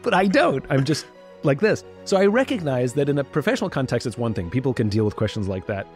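A man talking candidly as a podcast guest, reflective and blunt, turning lively when he quotes other people. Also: medium pitch, fast, soft background music. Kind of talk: candid conversational talk.

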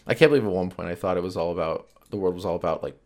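Male podcast host, deep voice, rambling, foul-mouthed, jokey. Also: racing. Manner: rambling, profane, joking. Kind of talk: casual solo podcast chat.

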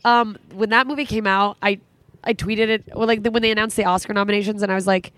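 A woman's voice: mid-range voice, fairly even intonation, fast talker, a bit bright, no echo. A young woman hosting a podcast, talking candidly and emotionally, swearing a lot and laughing often. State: tearful. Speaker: podcast host. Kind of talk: casual podcast chat. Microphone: studio microphone.

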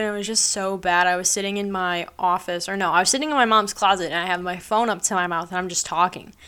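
A woman's voice: mid-range voice, a bit bright. A young adult woman hosting her own podcast, chatting casually in a rambling, upbeat way with many fillers. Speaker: podcast host. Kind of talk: casual solo podcast chat.

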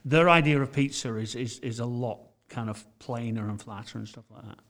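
A man in casual podcast conversation, wandering through anecdotes with plenty of "uh"s and restarts. His voice sits at an ordinary pitch for a man. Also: brisk, fairly bright tone. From United Kingdom. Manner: rambling storyteller, many restarts and fillers. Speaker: podcast co-host. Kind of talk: casual chat.

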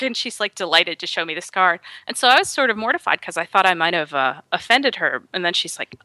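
Woman, storyteller guest; bright, animated, acts out quotes; dry close mic. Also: on the low side, brisk, no echo. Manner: animated, quotes people in voices. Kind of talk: casual storytelling chat.

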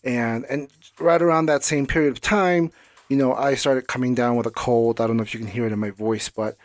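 A man's voice: mid-range voice, fairly even intonation, a little fast, dry recording. A man in his thirties hosting his own podcast from home, talking casually and rambling with fillers and restarts while he has a cold and a cough. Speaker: podcast host. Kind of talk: casual solo podcast talk.

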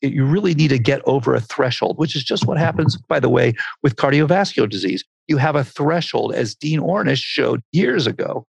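A man's voice: mid-range voice, fairly quick, creaky, hardly any pauses, breathy edge, dry recording. An older man, a medical researcher, tells a story in an interview and acts out the quotes as he goes. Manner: animated storyteller acting out quotes.

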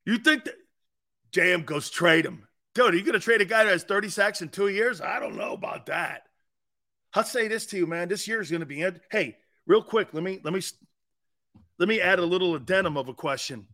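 A man's voice: high-pitched, lively intonation, fairly quick, sharp tone. A man hosting a sports talk show, brash and profane, rambling and talking straight to his listeners, edgy from short sleep. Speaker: sports radio host.

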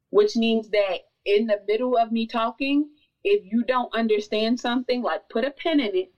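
A woman's voice: on the high side, far from the mic, muffled recording. A woman speaking as a podcast guest, talking passionately and emphatically, repeating words for stress. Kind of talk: casual podcast conversation.

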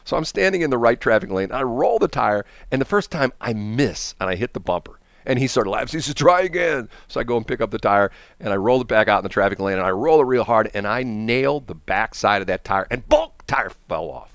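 On his morning radio show, this Midwestern US host tells a meandering tale full of laughter and animation. His voice sits lowish and runs a little fast with few pauses, recorded through a studio mic with no room sound.

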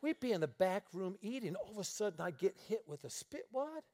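A middle-aged man preaching, telling lively stories and laughing his way through them. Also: sits high, fairly quick. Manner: animated storyteller, laughing through his anecdotes. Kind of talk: storytelling sermon.

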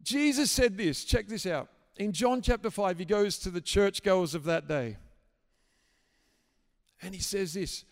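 A man preaching a sermon in a church hall, swinging from hushed prayer to emphatic shouting. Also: sits high, unhurried. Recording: echoey hall reverb.

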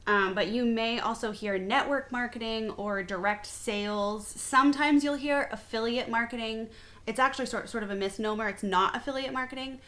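A woman with a Canadian accent, a podcast guest explaining things at length in a measured way with fillers and restarts. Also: a little high, fairly bright tone.

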